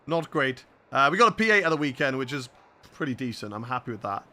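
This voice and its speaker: Racing in a live stream, a young man keeps up chatty commentary to his viewers, faint game engine sounds underneath. His medium-pitched voice is sing-song, fast, pushed and bright.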